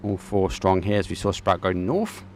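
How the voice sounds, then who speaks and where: A man's voice: deep voice, expressive, normal speed, slight background noise. A man from England with an Essex accent, casting a live esports match and chatting casually with viewers. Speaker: esports caster. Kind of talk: live game commentary with chat.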